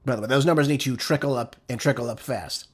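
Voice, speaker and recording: A man's voice: medium pitch, quick pace, slightly rough. A man hosting a political show, delivering an emphatic commentary monologue full of rhetorical questions and heated asides.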